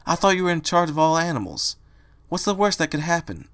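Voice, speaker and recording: Man doing a soft, hesitant pony girl in a storybook read, raised pitch, nervous. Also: big pitch swings, brisk. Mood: timid. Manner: shy, hesitant, squeaky. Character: timid gentle female pony turned rabbit.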